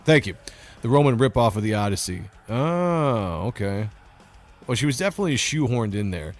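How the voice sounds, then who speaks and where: A man's voice: mid-range voice, sing-song, normal speed, faint music behind. A man hosting a casual livestream, reading chat comments and giving blunt opinions. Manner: blunt, opinionated, laughs often. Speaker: host reading live chat.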